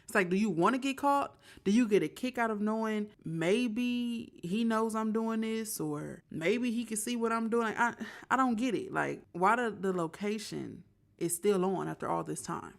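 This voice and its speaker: A woman's voice: mid-range voice, normal speed, gravelly. Woman host questioning in disbelief. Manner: incredulous, questioning, rambling asides. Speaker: reaction host. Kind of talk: casual commentary.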